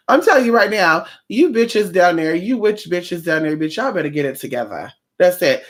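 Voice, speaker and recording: With big swings in pitch, a mid-range voice, and a slightly bright tone at normal speed, a spiritual practitioner chats in a casual home vlog. She comes across sassy, profane, and rambling.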